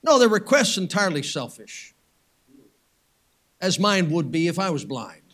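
A man preaching a sermon, swinging between loud, urgent passages and hushed, soft ones, with folksy joking asides. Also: high voice, sing-song, measured pace. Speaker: pastor.

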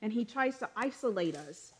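A woman's voice: on the high side, animated, moderate pace, breathy edge. A woman leading church announcements and prayer in a chatty style, with frequent amens. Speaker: church leader.

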